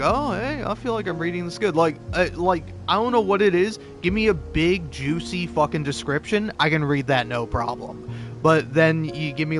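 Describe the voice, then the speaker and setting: A young man doing let's play commentary, rambling, self-deprecating and swearing freely. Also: fairly high pitch. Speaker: streamer playing a narrative game.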